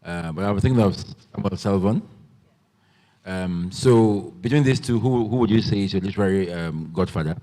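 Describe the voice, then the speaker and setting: A man's voice: deep voice, normal speed, warm tone. Hesitant man questioning an author. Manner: hesitant, many fillers and restarts. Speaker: moderator asking questions. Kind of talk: festival Q&A. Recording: long reverb in a large hall.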